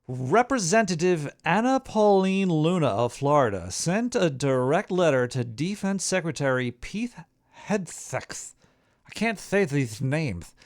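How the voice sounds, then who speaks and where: A gravelly-voiced man hosts a goofy radio show, riffing on his co-host and then reading the news. His pitch moves around a lot as he talks, and the fry in his voice never quite leaves. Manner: goofy, fiddles with voice effects.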